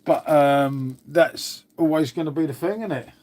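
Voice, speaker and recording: A man's voice: a little high, measured pace, darkish tone. Rambling, matey man. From England. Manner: rambling, swears a lot, says "mate" constantly. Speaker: livestream host. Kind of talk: casual live-stream chat.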